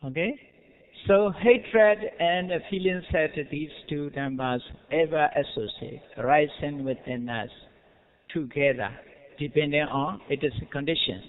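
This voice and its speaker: High-voiced monk with Burmese accent, lecturing. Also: male voice, clear, resonant tone. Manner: simple non-native English, frequent rhetorical checks and soft chuckles. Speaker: Buddhist monk teacher. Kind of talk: dharma lecture. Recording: tinny phone-like lo-fi recording.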